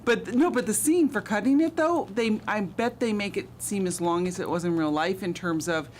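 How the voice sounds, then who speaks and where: A woman co-hosts a casual college radio talk show, chatty and quick to laugh. Her voice is mid-pitched, with faint hiss from the small studio behind her. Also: a little mellow. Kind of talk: casual chat.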